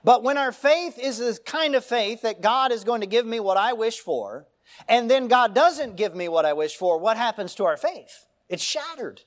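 A middle-aged pastor delivers a sermon in a voice that sits high for a man. He preaches earnestly and emphatically, leaning on rhetorical questions to draw listeners in. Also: animated, normal speed.

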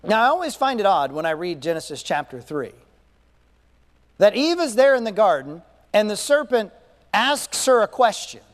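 A male pastor delivers a sermon with a fairly high voice. He presses his points by repeating key phrases and asking the listeners questions. A long reverb trails every phrase. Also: very animated, moderate pace.

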